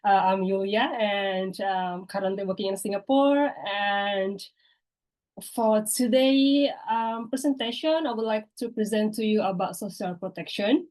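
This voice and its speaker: A woman, hoarse from a cold, giving a hesitant practice presentation over a video call, with many fillers. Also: mid-range voice, a little slow, darkish tone, rough recording. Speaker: workshop participant.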